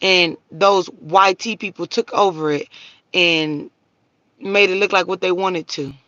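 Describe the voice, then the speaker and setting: A woman holds forth on her livestream, blunt and profane, lecturing the viewers who comment. Her voice is bright and forceful, close and dry, with dull lo-fi stream audio. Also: lowish voice, fairly even intonation, measured pace, no room sound. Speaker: livestream host. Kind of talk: casual livestream rant.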